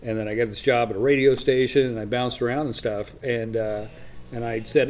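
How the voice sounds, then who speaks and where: A man's voice: medium pitch, fairly even intonation, a little fast, a little mellow. A man hosting his own podcast, chatting casually with a guest and joking at his own expense. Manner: joking, self-deprecating. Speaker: podcast host. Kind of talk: casual chat.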